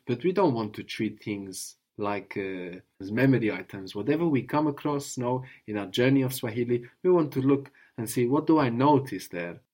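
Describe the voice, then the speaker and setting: A patient male language teacher with a medium-pitched, slightly mellow voice runs a guided lesson full of prompts and recaps. He checks in often, frequently ending with a questioning "no?".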